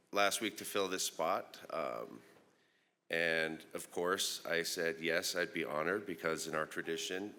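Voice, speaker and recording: Deep-voiced congested man speaking reflectively. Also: bright, forceful tone, clean tone. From Northern California. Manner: unhurried, reflective, with many fillers. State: congested, nose plugged up. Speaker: invited opening speaker. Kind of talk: personal address at a conference plenary.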